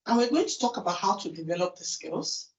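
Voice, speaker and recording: A woman with a Nigerian accent giving a lively conference talk, asking the audience questions and then answering them herself. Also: lowish voice, brisk. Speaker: conference speaker. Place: large conference hall. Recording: distant, roomy, dull hall recording.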